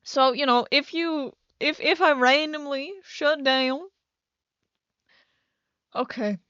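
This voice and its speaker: A woman's voice: high voice, unhurried, sharp tone, no room sound, muffled recording. A young woman rambling through casual gameplay commentary, scatterbrained and self-mocking, with a headache. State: has a headache. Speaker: gaming YouTuber.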